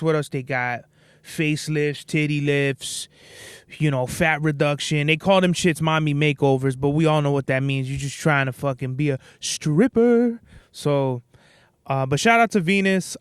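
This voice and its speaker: A man's voice: fairly high pitch, clean tone, no room sound, clean studio sound. Profane rambling young man podcaster. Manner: rambling, profane, laid-back storytelling. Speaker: podcast host. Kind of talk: casual solo podcast monologue.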